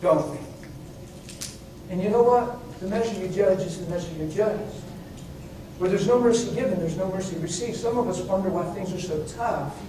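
A man preaching in a very echoey hall, picked up from well away from the mic with faint noise underneath. He tells personal stories with animated swings from hushed asides to high, excited exclamations. His voice sits at a middle pitch. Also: normal speed, distant mic. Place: church meeting hall.

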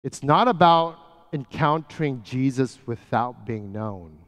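A man preaching a sermon as pastor, talking casually and often dropping to a soft, hushed voice. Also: mid-range voice, expressive, measured pace. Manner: conversational, often drops to a soft hush. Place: church sanctuary. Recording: church hall with long reverb.

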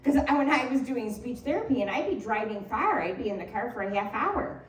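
A woman's voice: on the high side, brisk. A middle-aged woman pastor preaching a sermon, telling playful stories with laughter. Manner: animated, playful storytelling with laughter. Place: church sanctuary. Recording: roomy church echo, distant mic.

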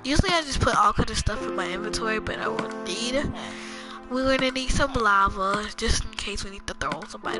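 Young woman, gaming commentary; chatty and rambling, low voice with a sore throat, higher-pitched, loud music behind. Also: fairly quick. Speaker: gamer. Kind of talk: casual game walkthrough commentary.

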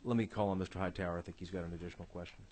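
Brisk fast-talking male committee chair. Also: low-pitched, steady tone, darkish tone, slight background noise. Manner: brisk, checking facts with witnesses. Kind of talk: chairing a hearing. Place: legislative committee hearing room.

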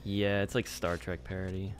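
A man's voice: sits low, flat delivery, moderate pace, a little hiss or hum. A young man playing a video game, chatting casually and grumbling about how hard it is. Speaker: player in a game playthrough. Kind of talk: casual gaming chat.

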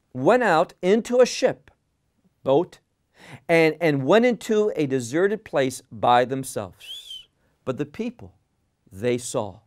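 A man teaching through a Bible passage verse by verse, deliberate and asking rhetorical questions. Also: fairly high pitch, darkish tone.

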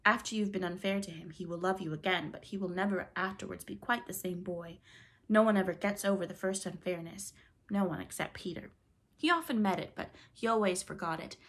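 Low-voiced woman narrating a storybook. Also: fairly quick. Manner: dramatic, expressive reading with rising emphasis. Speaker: audiobook narrator.

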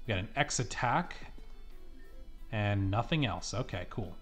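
A man's voice: fairly low pitch, expressive, unhurried, faint music behind. A man casually commenting while playing a video game, reacting and laughing. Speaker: let's player.

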